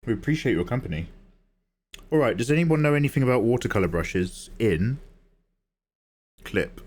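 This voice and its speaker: A man livestreaming while he draws, talking casually with viewers and riffing on jokes. His pitch sits in the middle, but it swings up and down a lot as he goes. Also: expressive, normal speed, a little mellow. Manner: joking, chatty. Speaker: livestreaming artist. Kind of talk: casual chat while drawing.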